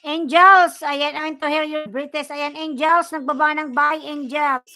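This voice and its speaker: A woman from the Philippines with a Filipino accent, hosting a casual livestream, mixing English and Tagalog as she reads viewer comments and gives shout-outs. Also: high-pitched, level tone, moderate pace, faint music behind. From Bicol, Philippines. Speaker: livestream host.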